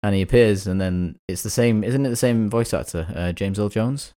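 A man's voice: fairly low pitch, moderate pace, dark tone. A man co-hosting a casual podcast, chatty and jokey, riffing on side topics. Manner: jokey and chatty, riffs on tangents. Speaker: podcast co-host.

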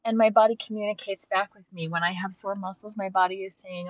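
A woman's voice: medium pitch, steady tone, fairly quick. A woman hosting a podcast and coaching fitness, talking in a heartfelt, reflective solo monologue with frequent restarts. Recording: dull, slightly lo-fi with faint noise.

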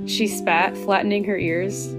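A woman reading a passage from a novel aloud as narrator, in a soft, even voice. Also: medium pitch, a little slow, music in the background.

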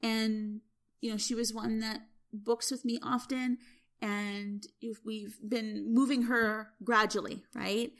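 Chatty higher-pitched woman podcaster. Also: level tone, takes it slowly. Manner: chatty storytelling, frequent "you know" and "right?". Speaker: spiritual development coach, podcast host. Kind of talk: casual solo podcast monologue.

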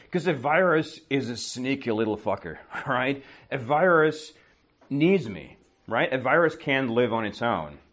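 A man's voice: mid-range voice, fairly bright tone. A man teaching with a casual story, asking and answering his own questions and often adding "right?".

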